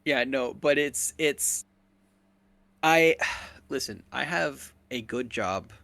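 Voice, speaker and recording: A man's voice: mid-range voice, animated, slow pace, creaky, a bit bright, no echo. A man streamer chatting casually, swearing freely and laughing often. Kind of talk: casual chat.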